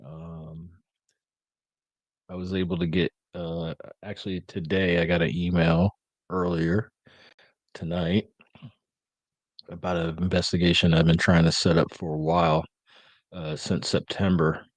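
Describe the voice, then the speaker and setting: Low, dry-voiced man rambling casually. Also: little pitch movement, measured pace, pauses often, no room sound. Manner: rambling, many ums and uhs. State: sleepy, yawning. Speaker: podcast host. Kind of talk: casual live-stream chat.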